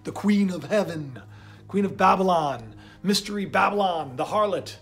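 A man hosting his own channel, rambling through animated, conspiratorial commentary with lots of repetition. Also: high-pitched, normal speed, vocal fry, soft background music. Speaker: channel host.

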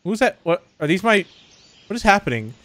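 A man's voice: high-pitched, very animated, a little fast, a bit bright, dry recording. A man giving chatty let's-play commentary on a horror game, laughing often and yelping when startled. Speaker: gaming YouTuber.

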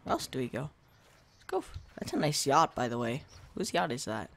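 A gaming video host giving casual let's-play commentary into a desk microphone at a home setup, chatting to viewers and reacting out loud to jump scares. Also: mid-range voice, animated, brisk, vocal fry. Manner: talks to the viewers and to himself while playing.

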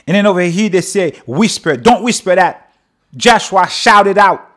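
High-voiced man teaching and reciting prayer. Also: animated, moderate pace, fairly bright tone. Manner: reads prayer lines then explains them, emphatic. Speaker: religious teacher. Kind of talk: sermon with read-aloud prayer.

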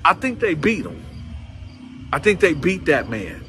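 A man telling a story casually to camera, lively and acting out other people's voices. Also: fairly high pitch, measured pace, soft background music. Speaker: channel host telling prison stories.

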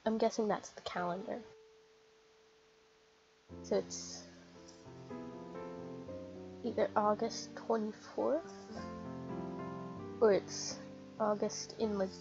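A woman's voice: medium pitch, steady tone, slow pace, creaky, long pauses. A woman reading game text aloud with amused, joking asides in casual gameplay commentary. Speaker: let's player. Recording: muffled with game music behind.

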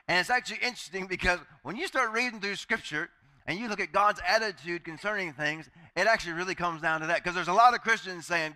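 A man's voice: high voice, fast, bright, forceful tone. A male pastor preaching a sermon in a chatty, joking way, acting out the voices he quotes.

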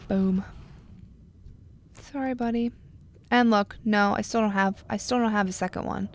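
A young woman casually commenting on her gameplay, chatty and wry, sometimes dropping to a quiet murmur. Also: medium pitch, fairly even intonation, measured pace, slight background noise. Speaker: gameplay video host. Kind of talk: casual let's-play commentary.

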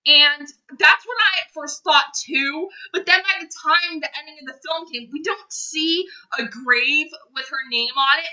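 A young woman talks through a film review in a high, very bright voice. She gushes, repeats her phrases and sounds close to tears at times. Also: poor audio. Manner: gushing, emotional, repeats phrases. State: choked up, near tears. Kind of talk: casual spoiler review monologue.

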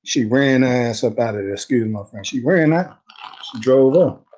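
A man's voice: medium pitch, animated, normal speed, a little mellow, low-quality recording. A young man telling a story in a casual interview, slangy and rambling, laughing easily. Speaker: guest telling his story.

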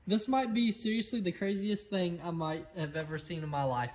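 A man vlogging outdoors on his farm, chatty and excitable as he coaxes his animals. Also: high-pitched, normal speed, slight background noise. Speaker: homestead vlogger. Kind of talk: casual vlog chat.

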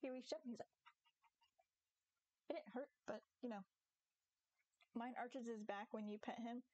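A chatty young woman on a gaming stream, giggling and jumping from thought to thought. Her voice sits a little high, and the sound is dry and close to the desk mic. She chats casually with her viewers. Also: moderate pace, dry recording, poor audio. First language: English. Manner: giggly, chatty and animated, talks to chat and her cat. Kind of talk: casual live-stream chat while gaming.

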